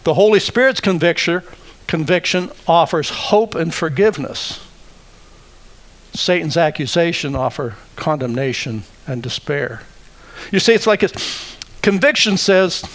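A male pastor preaching a sermon, deliberate and emphatic, with wry asides. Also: a little high, animated, a bit bright.

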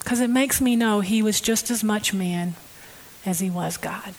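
A woman preaching a conversational sermon, emotive and personal, moving from hushed, near-whispered passages to loud, stirring ones. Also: medium pitch, a little slow, poor audio.

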